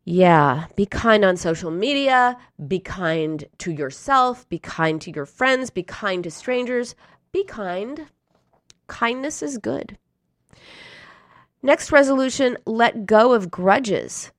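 A woman's voice: medium pitch, lively intonation, slow pace, no room sound, studio quality. A grown woman talking straight to her listeners in a casual advice talk, earnest and emphatic, now and then acting out feelings in short bursts. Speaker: self-help speaker.

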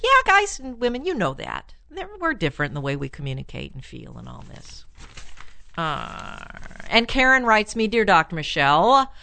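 Woman therapist hosting an advice show, expressive voice that swoops up and down, chatty and animated. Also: medium pitch, no room sound. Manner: chatty and animated, laughs often, plays up lines with mock exclamations. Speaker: radio advice host and relationship therapist. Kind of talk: casual advice talk answering listener letters.

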